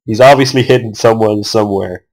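A man's voice: fairly low pitch, a little fast, rough recording. A young man giving casual commentary on his own strategy game match, swearing often and venting at his opponent.

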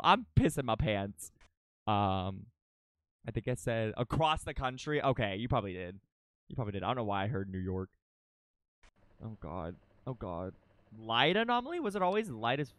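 A young adult livestreamer giving excitable, casual commentary during gameplay, thinking aloud, swearing freely and chatting with viewers. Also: medium pitch, normal speed, long pauses, no echo.

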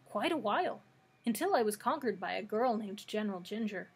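A woman's voice: medium pitch, lively intonation, a little fast, husky. Woman doing a cheerful straw scarecrow.

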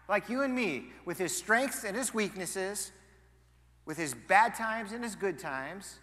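Male pastor, sermon delivery, high and lively, bright tone, roomy church reverb. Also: a little slow. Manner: animated, swings between loud emphasis and quiet asides. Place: church sanctuary.

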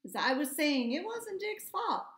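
A woman reading aloud plays a confident male troop horse in a storybook, a proud veteran who lectures earnestly. His voice sits on the high side, in a roomy space with a noticeable echo. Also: sing-song, measured pace, a bit bright, full character voice. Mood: matter-of-fact.

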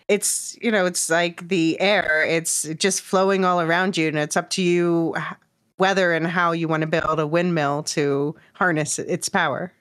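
A woman's voice: fairly low pitch, clean tone. A woman hosting a podcast, chatty and explanatory, talking casually with a guest. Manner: chatty, explains terms, laughs easily. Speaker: podcast host.

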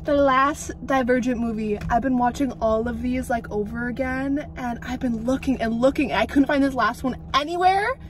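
A woman's voice: high voice, normal speed, hardly any pauses, poor audio. A young woman vlogging in a bubbly, chatty way, filling her talk with "like". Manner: bubbly, chatty, heavy use of "like". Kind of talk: casual vlog chat.

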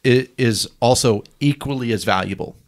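A man's voice: medium pitch, moderate pace. A man hosting a podcast, asking questions and reflecting in a coaching tone with casual swearing. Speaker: podcast host.

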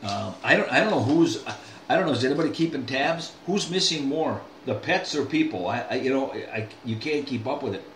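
An older man vlogs a casual, rambling monologue straight to his viewers, folksy and full of restarts and asides. His mid-range voice is fairly bright with lively intonation and a slightly fast pace. The echoey room carries faint ambience plus a little hiss or hum.

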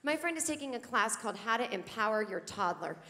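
Brief: sardonic woman stand-up, forties, fairly high voice, live hall reverb. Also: expressive, brisk, pushed and bright. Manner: sardonic, acts out quoted voices. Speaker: stand-up comedian. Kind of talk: stand-up comedy routine. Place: large theater stage.

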